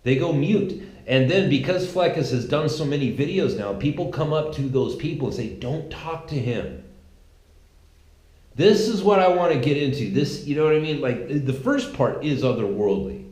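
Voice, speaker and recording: A man's voice: a little high, lively intonation, normal speed, hardly any pauses, darkish tone. A man hosting a podcast, talking through a casual opinion monologue in a rambling, sarcastic way with many restarts. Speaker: podcast host. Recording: roomy echo.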